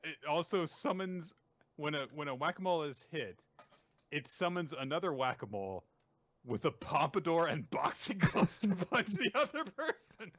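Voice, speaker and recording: A man's voice: a little high, sing-song, normal speed, fairly bright tone, muffled recording. A man co-hosting a casual podcast, adding wry interjections. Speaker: podcast co-host. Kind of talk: casual chat.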